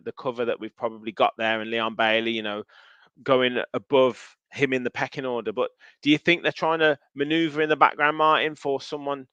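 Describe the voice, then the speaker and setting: A man's voice: medium pitch, bright, forceful tone, clear, resonant tone, dry recording. A man hosting a live football podcast, enthusiastic and repeating himself as he chats and reads viewer comments. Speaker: podcast host. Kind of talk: casual chat, reading viewer comments.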